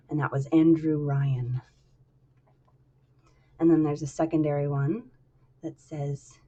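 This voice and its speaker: A woman with a slightly low voice reads a novel aloud for her stream. She speaks softly and quietly, pausing with casual fillers between passages. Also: fairly even intonation.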